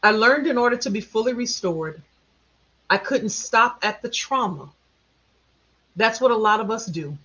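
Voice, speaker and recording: Man, facilitator host, high voice, slow deliberate phrasing, dull muffled recording. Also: lively intonation, sharp tone.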